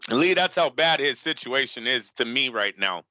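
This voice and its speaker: A man's voice: medium pitch, animated, normal speed, bright, forceful tone. A man on a boxing podcast panel, making emphatic points with short laughing asides. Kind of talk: casual boxing talk.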